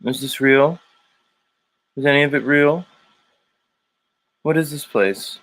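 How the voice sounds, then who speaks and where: A bewildered man keeps asking whether any of this is real, as a male host puts him on. He sounds confused and lost. His voice sits at a middle pitch. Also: takes it slowly, a bit bright. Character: bewildered man doubting reality.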